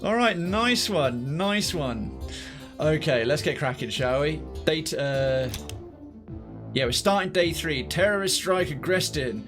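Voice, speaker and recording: A man's voice: fairly high pitch, animated, slow pace, music in the background. A man streaming a video game, rambling casually through his commentary and swearing now and then. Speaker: gaming streamer.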